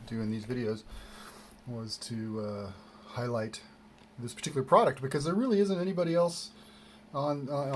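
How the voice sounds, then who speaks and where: A man's voice: mid-range voice, darkish tone, slight background noise. A man rambling casually through an unboxing, self-deprecating and meandering, with many fillers and restarts, recorded on a desk camera mic. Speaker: vlogger.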